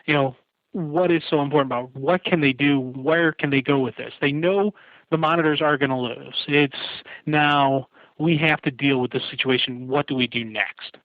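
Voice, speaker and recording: A man's voice: medium pitch, moderate pace, dry recording. Man, podcast co-host, casual recap talk, tinny phone-line audio, dry. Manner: recaps at length, with light laughs.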